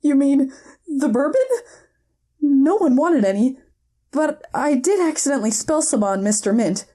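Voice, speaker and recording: A guarded woman hedges her answers, speaking slowly in a mellow, slightly high voice, as a woman acts her out. Her pitch rises and falls freely as she dodges the questions. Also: lively intonation. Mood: sheepish. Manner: hesitant, evasive. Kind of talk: amateur voice acting.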